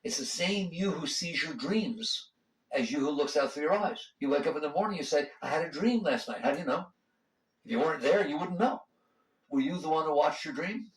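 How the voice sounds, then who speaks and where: Man, spiritual teacher, casual questioning talk; a bit high, echoey and distant. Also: moderate pace. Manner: conversational, asks the audience pointed questions. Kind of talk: spiritual talk to a live audience. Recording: roomy hall sound, voice from off the mic.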